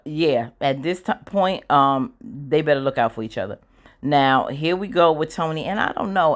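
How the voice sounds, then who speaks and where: Chatty opinionated woman recapping a show. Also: sits low. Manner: chatty and opinionated, reenacting scenes with laughs. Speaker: YouTuber recapping a TV drama. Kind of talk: casual episode recap.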